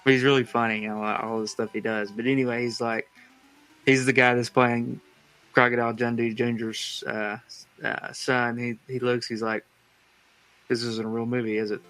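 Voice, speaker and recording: A man in a relaxed group chat hosts a trivia game, reading the multiple-choice options at a slow, deliberate pace. His pitch sits in a middle range, and faint music plays underneath. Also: smooth, poor audio. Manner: reads quiz options in a slow, drawn-out way. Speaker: podcast host running a trivia quiz. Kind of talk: casual chat.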